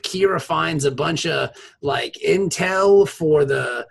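A man's voice: on the high side, takes it slowly, creaky, husky. A man co-hosting a podcast, retelling a TV episode in casual chat with crude humor and laughter. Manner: crude, laughing, animated storytelling. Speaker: podcast co-host.

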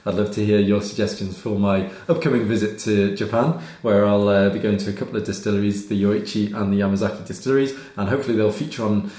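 Chatty podcast co-host, low voice. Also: male voice, fairly even intonation, quick pace, few pauses, mellow. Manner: chatty, laughs often, reads out listener mail. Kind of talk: casual chat. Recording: roomy echo.

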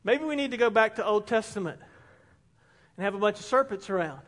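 A man from South Carolina, preaching a sermon in an animated, excitable way, repeating phrases for emphasis. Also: sits high, brisk. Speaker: pastor. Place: church sanctuary. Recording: long reverb in a large hall.

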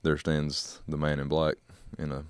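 A man with a very deep, smooth and resonant voice, speaking as the guest in a casual interview. He talks in a halting, measured way, full of fillers. The sound is dry and close. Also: completely flat delivery, no echo. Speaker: country singer guest.

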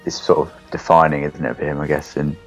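A man chatting casually as a podcast co-host, relaxed and agreeable. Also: rumbling low, fast, dull audio, faint music behind. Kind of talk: casual film chat.

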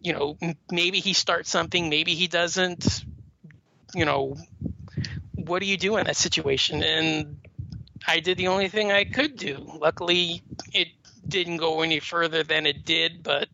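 A man's voice: on the high side, fairly even intonation, a little slow, creaky, bright, forceful tone. A man talking as a podcast guest, telling a long story in a rambling way with many fillers and restarts. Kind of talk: casual chat. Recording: dull lo-fi audio with faint noise.

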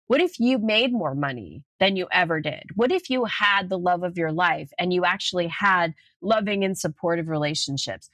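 A middle-aged woman speaking as a podcast guest in casual conversation, animated and storytelling. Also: on the low side, normal speed, hardly any pauses, no room sound. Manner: animated storyteller, acts out voices in anecdotes. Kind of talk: casual interview chat.

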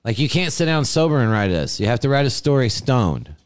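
A man's voice: mid-range voice, very animated, fairly quick, smooth. A man co-hosting a loose podcast chat. He teases the others and swears freely. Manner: joking, teasing, swearing. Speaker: podcast co-host. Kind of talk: casual stoned banter.

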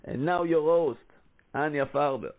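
A man voicing a show announcer in an exaggerated, heavy Israeli accent, slow and theatrical. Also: a little high, slight background noise, close to an everyday voice. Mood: grandiose. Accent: heavy put-on Israeli. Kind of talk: show intro voice-over. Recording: tinny phone-like sound.

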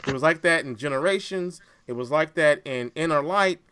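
A man co-hosting a podcast in casual chat, animated and laughing often, restarting his sentences as he goes. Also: on the high side, moderate pace, a little hiss or hum. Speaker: podcast co-host.

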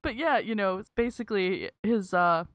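A woman's voice: medium pitch, animated, moderate pace, dry recording, highs cut off. A woman with an American accent hosting a podcast, chatting casually with frequent laughs. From United States. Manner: giggly, chatty, full of fillers. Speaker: podcast host. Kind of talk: casual chat.

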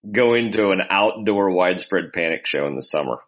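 A man co-hosting a podcast, making dry, deadpan jokes in casual chat. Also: low-pitched, moderate pace. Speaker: podcast co-host.

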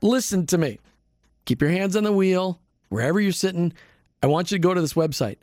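High-voiced enthusiastic radio host man. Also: expressive, brisk, darkish tone, dry recording, studio quality. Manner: enthusiastic, emphatic, addresses listeners directly. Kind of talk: Christian radio interview. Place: radio studio.

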